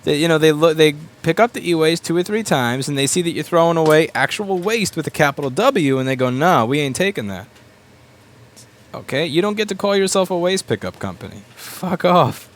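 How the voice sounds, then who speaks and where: A man with a fairly high, expressive voice runs a repair shop and rants bluntly at his bench, swearing plenty. He tosses in quick mocking asides while he works.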